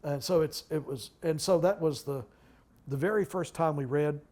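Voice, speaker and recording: Higher-voiced older man telling stories. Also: a little mellow. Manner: halting, with many restarts and asides. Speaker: guest speaker, retired library director. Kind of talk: anecdotal storytelling at a public talk.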